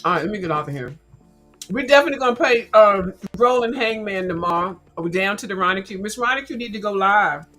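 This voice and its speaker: A woman's voice: mid-range voice, expressive, fast talker, a bit bright, faint music behind, poor audio. A woman hosting a casual livestream, chatting and crunching snacks into the mic, sassy and blunt and cussing freely. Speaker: livestream host. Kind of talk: casual chat while snacking.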